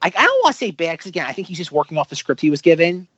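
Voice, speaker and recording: A man co-hosting a casual film podcast, talking in a rambling, animated way and acting out mock quotes. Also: fairly high pitch, rapid-fire, husky, no echo. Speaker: podcast co-host. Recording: dull lo-fi dry podcast audio.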